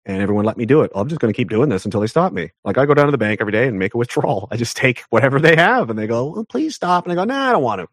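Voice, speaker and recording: A man talking as an interview guest, ranting emphatically, with his pitch jumping up sharply on the points he stresses. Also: expressive, very fast, hardly any pauses, no room sound, clean studio sound. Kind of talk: heated conversational interview.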